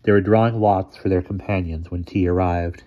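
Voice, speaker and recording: In a storybook-style reading, a man narrates a short story at a steady, measured pace. His low voice has a dark, mellow quality, and the recording comes across as dull and lo-fi.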